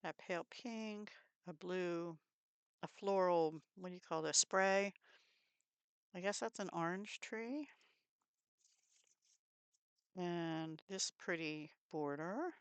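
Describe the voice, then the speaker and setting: A woman's voice: fairly low pitch, takes it slowly, pauses often, smooth, no echo. A woman hosting a craft channel, chatting casually and admiringly as she shows off paper craft supplies, with little laughs along the way.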